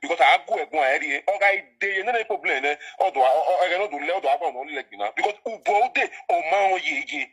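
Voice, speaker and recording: A man with a Nigerian accent calling into a live talk show, speaking rapidly and emphatically. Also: a little high, animated, a bit bright, husky, low-quality recording. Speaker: caller. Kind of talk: casual call-in chat in pidgin.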